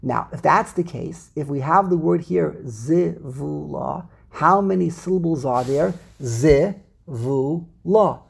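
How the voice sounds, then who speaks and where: A man giving a text study lesson as a Torah teacher, restarting phrases and slowing down to stress words. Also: a little high, vocal fry, fairly bright tone, husky.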